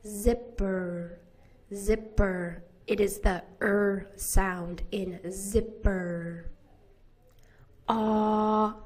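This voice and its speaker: An American woman teaching pronunciation, who models vowel sounds and repeats example words one at a time. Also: medium pitch. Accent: General American. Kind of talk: slow, careful pronunciation lesson.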